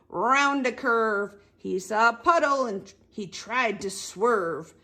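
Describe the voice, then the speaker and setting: Animated woman reading a picture book to children. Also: on the high side, takes it slowly. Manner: animated, questions children, makes animal sounds. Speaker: storytime reader.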